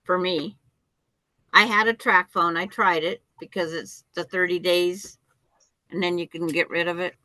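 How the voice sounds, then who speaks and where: Bright, insistent woman on a video call. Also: lowish voice, steady tone, a little slow, no room sound, low-quality recording. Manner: insistent, talks in restarts, argues her point. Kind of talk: casual chat.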